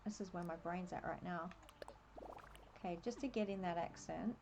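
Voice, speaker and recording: An Australian woman streaming a game, chatting and thinking aloud in a relaxed, laughing way. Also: lowish voice, moderate pace, background noise. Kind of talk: casual live-stream commentary.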